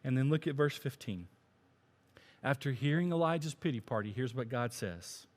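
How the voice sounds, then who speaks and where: A man's voice: mid-range voice, lively intonation, moderate pace. Man preaching with big dynamic swings. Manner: rises to emphatic peaks, drops to near whispers. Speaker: pastor. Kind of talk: sermon.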